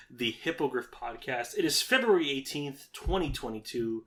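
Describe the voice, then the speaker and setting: A man's voice: mid-range voice, expressive, normal speed, pushed and bright, a little hiss or hum. A man hosting a casual tabletop-gaming podcast, joking, laughing often and slipping into silly voices. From Canada. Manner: jokey, laughs often, slips into goofy voices. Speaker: podcast host.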